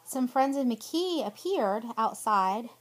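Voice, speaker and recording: A middle-aged woman vlogger with a drawl and a high voice records an aggrieved personal statement for her viewers. She speaks slowly but animatedly, with an emphatic, pleading delivery.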